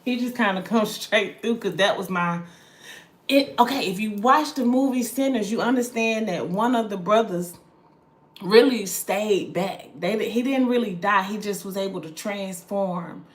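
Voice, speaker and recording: Woman, 40s, livestream host and spiritual reader; candid, salty and chatty, middle-pitched voice. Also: a little slow. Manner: candid and swears freely, drifts into tangents. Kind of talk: casual livestream chat.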